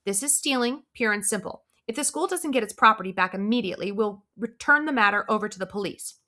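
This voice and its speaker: A woman voicing a stressed female school principal making a stern, shrill announcement over the PA. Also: animated, fast talker, bright, forceful tone. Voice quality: shrill, strained.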